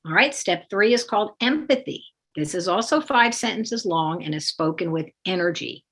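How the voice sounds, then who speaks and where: A woman teaching parents, explaining steps calmly and acting out sample phrases with lively emphasis. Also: fairly low pitch, normal speed, husky. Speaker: parenting educator. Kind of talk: instructional talk with demonstrations.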